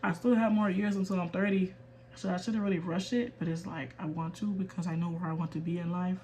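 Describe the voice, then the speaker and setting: A young woman from the US in her twenties talks candidly to camera in a personal rant. She speaks quietly and holds back emotion, then turns firm and emphatic. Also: on the low side, steady tone, brisk, slight background noise. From United States. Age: 20s. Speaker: vlogger.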